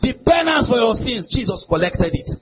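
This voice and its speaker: A man preaching a sermon, emphatic and sing-song, with sudden shouts. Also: extremely high pitch, sing-song, moderate pace, slight background noise, low-quality recording.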